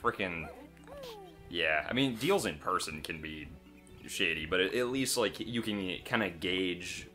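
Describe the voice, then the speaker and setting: A man's voice: deep voice, expressive, a little slow, bright, forceful tone, faint music behind. A man co-hosting a gaming video, reacting to a story and guiding the player in a laid-back way. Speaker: let's play co-host. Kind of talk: casual gaming commentary.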